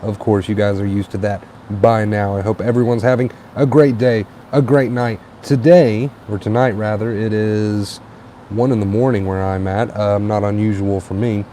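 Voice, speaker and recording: A young man hosting a late-night livestream on a tablet, a little tired, relaxed and repetitive, with plenty of uh and um. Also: fairly low pitch, moderate pace, slight background noise. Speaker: livestream host. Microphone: tablet mic.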